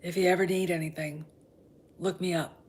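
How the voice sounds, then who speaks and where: Brief: grave male bounty hunter, put on by a woman in casual chat, husky, hushed. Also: on the low side, level tone, moderate pace.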